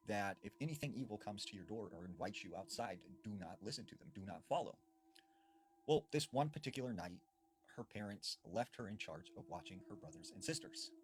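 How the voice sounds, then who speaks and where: Low-voiced man telling a scary story. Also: slight background noise. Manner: conversational, building suspense with pauses and emphasis. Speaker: horror storyteller. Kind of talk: casual spoken scary storytelling.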